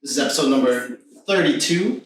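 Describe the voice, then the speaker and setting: A man hosting a podcast, opening the episode and introducing his co-hosts in a relaxed, playful tone. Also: medium pitch, a little fast, slight background noise. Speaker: podcast host. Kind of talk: casual chat. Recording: echoey room, mic at a distance.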